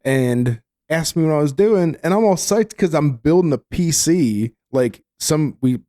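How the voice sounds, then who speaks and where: Man, podcast co-host, mellow voice, teasing, casual swearing, dry mic. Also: on the high side, animated, a little slow, no room sound. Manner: teasing, laid-back, swears. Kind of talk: casual chat.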